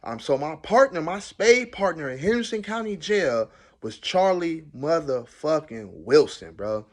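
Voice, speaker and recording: A man telling a jail story in a casual, animated and slangy way. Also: unhurried. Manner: animated, slangy, loud swings of pitch. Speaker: storyteller recounting jail time.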